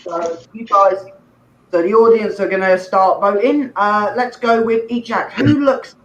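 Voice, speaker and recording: A man's voice: high voice, unhurried. A man hosting an online comedy contest, loose and swearing, with hesitant fillers. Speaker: host. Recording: echoey room with faint noise.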